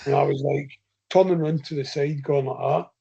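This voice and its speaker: A Scottish man with a husky, slightly high voice tells a long, meandering story to podcast hosts. His talk is loose and chatty, with laughs scattered through it. The audio sounds a touch dull and lo-fi. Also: fairly even intonation, brisk, warm tone. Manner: rambling, chatty anecdote with frequent laughs. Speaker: podcast guest, ultra runner. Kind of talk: casual storytelling.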